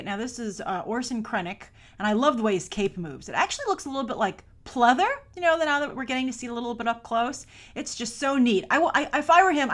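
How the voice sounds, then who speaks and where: On her film review show, a woman with a somewhat high, slightly bright voice casually picks apart a trailer. She rambles chattily, saying "like" a lot, and gushes with a fan's enthusiasm.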